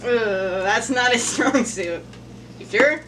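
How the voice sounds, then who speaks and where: A woman at a tabletop session talks bluntly and swears freely, her voice bright and sharp and a little high. She sits a bit back from the mic, with faint noise behind. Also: slow pace, recorded from a distance. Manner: blunt and sweary, laughing often. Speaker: player. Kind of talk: casual tabletop play.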